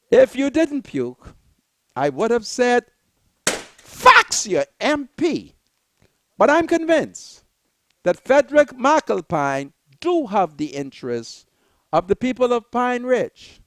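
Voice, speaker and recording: A man with a Bahamian accent hosting a show, giving impassioned, preachy commentary that repeats phrases and bursts into shouts. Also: extremely high pitch, dry recording, studio quality. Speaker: show host.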